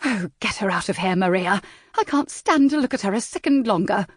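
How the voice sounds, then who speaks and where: A woman voicing a hysterical, shrill middle-aged noblewoman in a period audiobook, her delivery wailing and indignant. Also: animated, fairly quick, husky, no room sound, studio quality. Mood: hysterical outrage.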